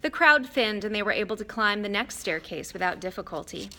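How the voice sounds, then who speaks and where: A woman reads a children's novel aloud, steady and expressive. Her voice is bright and her pitch moves in a lively way through each sentence. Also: fairly quick. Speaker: audiobook narrator. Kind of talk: scripted narration.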